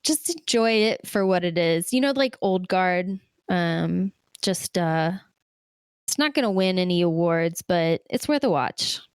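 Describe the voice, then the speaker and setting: Woman podcast co-host, low voice, dry close sound, casual movie chat. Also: animated, unhurried, smooth, dry recording. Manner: chatty, rambling with many fillers.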